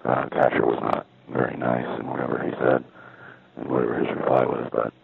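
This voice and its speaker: Man in his fifties, very deep gravelly voice, flat delivery, rambling wryly over a tinny phone line. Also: brisk, heavy background noise. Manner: meandering, hesitant, wry. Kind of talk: rambling monologue from a payphone. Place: at an outdoor payphone. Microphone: phone handset.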